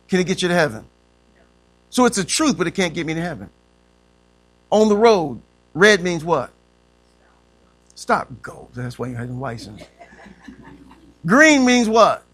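Gravelly, bright-voiced preaching man. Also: sits high. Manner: call-and-response preaching, asking the congregation to fill in words; emphatic, drawn-out key phrases. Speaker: pastor. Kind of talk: sermon.

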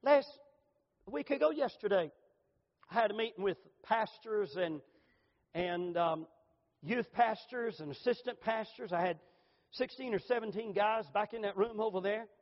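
A middle-aged male pastor delivers a fervent sermon in a high voice, pressing hard on key phrases before softening to a hushed altar call. The sound rings with long reverb in a church sanctuary. The recording is dull and lo-fi. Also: moderate pace. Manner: fervent preaching, rising emphatic pitch, hushed at invitation.

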